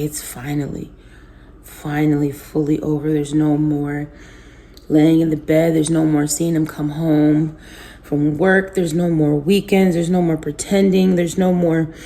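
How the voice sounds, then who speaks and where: A woman's voice: deep voice, mellow, a little hiss or hum. Tearful, worn-out woman vlogger. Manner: tearful, halting, voice drops to near whispers. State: emotionally exhausted, close to crying. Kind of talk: emotional personal vlog.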